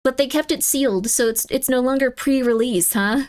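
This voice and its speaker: A woman streaming live, chatting casually and rambling in exasperated disbelief, her voice often jumping up in pitch. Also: normal speed, a little mellow.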